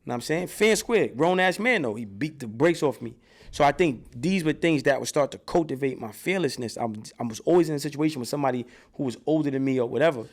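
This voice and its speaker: A man guest in an interview, telling profane, animated stories from his childhood and getting loud when reenacting scenes. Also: medium pitch, quick pace. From New York. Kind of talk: casual storytelling in an interview.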